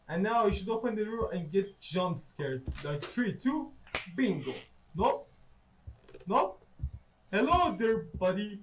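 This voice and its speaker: A man with a high, wildly swinging voice, talking through a horror game as he plays. He swears freely and sarcastically greets the monsters that jump at him. He speaks slowly, drawing out his words. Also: very animated, lo-fi sound, background noise. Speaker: gaming YouTuber. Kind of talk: horror game let's play commentary.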